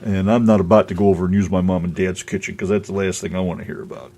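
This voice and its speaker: A man's voice: deep voice, steady tone, fast talker, warm tone. A man hosting a casual radio show, chatting in a rambling way and laughing often. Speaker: host.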